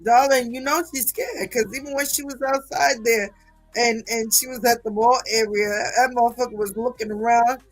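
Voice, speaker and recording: A woman hosting a livestream, gossiping and reading chat in a loud, profane, laughing manner. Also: a little high, moderate pace, soft background music. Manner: animated, profane, laughing often. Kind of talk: casual gossip commentary.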